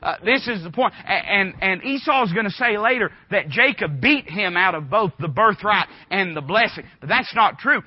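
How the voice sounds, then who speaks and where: Folksy preacher man, higher voice. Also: animated, normal speed, few pauses, breathy edge, no room sound. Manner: folksy and conversational, many rhetorical questions. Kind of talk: sermon. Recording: dull dry recording.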